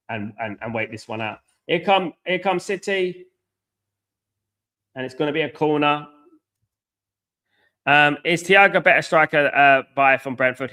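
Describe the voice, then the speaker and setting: Middle-aged male stream host, bright and forceful, blunt and argumentative with his chat. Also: mid-range voice. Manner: blunt, argumentative, reads out and scolds chat viewers. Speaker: host of a live football watchalong stream. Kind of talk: live match reaction and chat banter.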